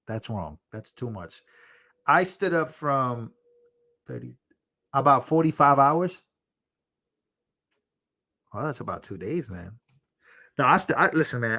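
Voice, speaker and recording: This is a man hosting a casual livestream, his voice sitting a little higher than most men's. He rambles along, heartfelt and loose, leaning on plenty of fillers as he reads out viewer donations. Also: fairly bright tone. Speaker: livestream host.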